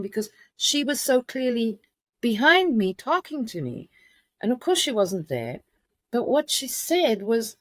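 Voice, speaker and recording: A middle-aged woman telling a personal story as an interview guest, halting with many restarts. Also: fairly high pitch, very animated, dry recording.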